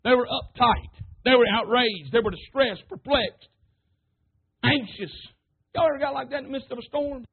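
A man preaching a sermon, fervent and calling out to his congregation, sometimes rising to shouts. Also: very high voice, normal speed, creaky, husky. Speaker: pastor. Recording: tinny phone-like sermon recording.

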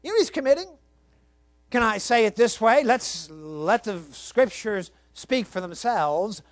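A man's voice: high-pitched, lively intonation, a little slow, dry recording. A pastor preaching a sermon, emphatic, asking his congregation rhetorical questions and reading scripture aloud. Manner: reads scripture aloud in old-fashioned wording.

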